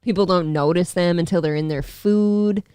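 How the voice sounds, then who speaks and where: A woman's voice: fairly low pitch, moderate pace, mellow, smooth, no echo, studio quality. A woman co-hosting a casual podcast, bantering wryly. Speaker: podcast co-host.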